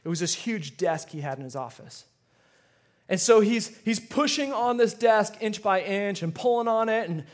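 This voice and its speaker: A middle-aged male pastor preaching a sermon, telling stories with repeated words and rising emphasis. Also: high voice.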